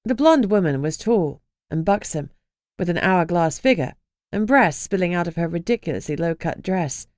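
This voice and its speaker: A woman's voice: on the low side, expressive, moderate pace, darkish tone, no room sound. A woman narrating a first-person fantasy audiobook with a dry, wry delivery.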